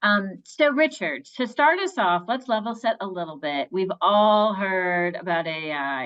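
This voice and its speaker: A woman's voice: on the low side, animated, moderate pace, few pauses, a bit bright, muffled recording. Chatty woman hosting a webinar. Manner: chatty, filler-heavy, upbeat. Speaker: webinar moderator.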